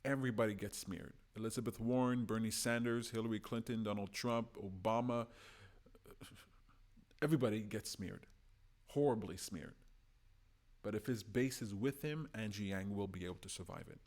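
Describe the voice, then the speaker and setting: A man hosting a political commentary show, giving supporters an urgent pep talk that swings between loud exhortation and quiet, earnest warning. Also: on the low side, normal speed. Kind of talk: impassioned monologue to supporters.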